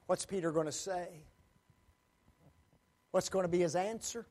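A man's voice: high voice, a little mellow. A man preaching a sermon, dramatic, acting out pleading quotes and addressing the congregation as folks. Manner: slow, dramatic, acts out quoted pleas.

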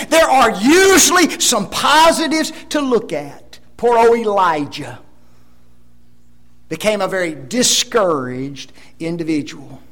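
A man's voice: very high-pitched, fairly bright tone. A man preaching a Sunday sermon, emphatic and fond of rhetorical tag questions.

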